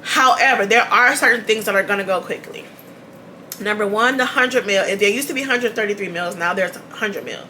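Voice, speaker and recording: A woman hosting her beauty channel talks casually to the camera, laughing often and repeating what matters most. Her voice is medium-pitched, a little fast and sharp in tone, with a faint hiss or hum.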